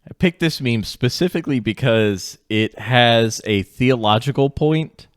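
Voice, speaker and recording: A man speaking as a guest in a casual podcast chat, blunt and deadpan, with dry sarcasm. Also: mid-range voice, measured pace, clear, resonant tone, dry recording.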